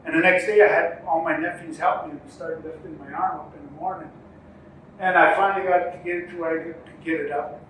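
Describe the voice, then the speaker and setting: A man's voice: fairly high pitch, fairly even intonation, fairly bright tone, slight background noise. A man who races horses in relays, telling a story in an interview with many ums and restarts, acting out what others said. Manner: halting, many ums and restarts, acts out quoted talk. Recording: echoey room, mic far off, faint ambience.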